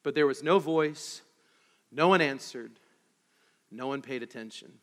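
A man preaching a sermon as pastor, swinging between loud emphasis and hushed asides and throwing rhetorical questions at the congregation. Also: medium pitch, a little slow, pauses often, long reverb tail.

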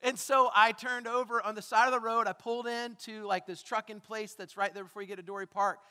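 A man's voice: high voice, fairly even intonation, fairly quick, sharp tone, in a large hall. A man preaching a sermon as pastor, talking conversationally, asking the congregation questions and making self-deprecating asides. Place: church sanctuary.

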